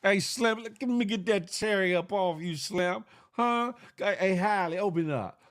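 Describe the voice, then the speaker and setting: A man's voice: high voice, measured pace, fairly bright tone. A man doing a cocky young rapper. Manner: brash street slang, teasing. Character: cocky young male rapper guarding his girlfriend.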